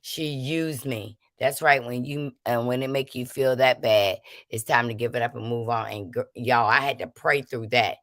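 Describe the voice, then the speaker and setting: A woman's voice: extremely low pitch, steady tone, normal speed, hardly any pauses, a bit bright, dry recording, studio quality. A woman hosting a livestream, calling people out to her chat and switching between anger and preachy talk of prayer and forgiveness. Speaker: livestream host.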